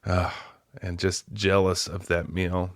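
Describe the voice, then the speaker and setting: A man's voice: low voice, completely flat delivery, slow pace, no room sound. A man casually recapping a movie's plot as a film club host, chatty with laughing asides and lots of fillers.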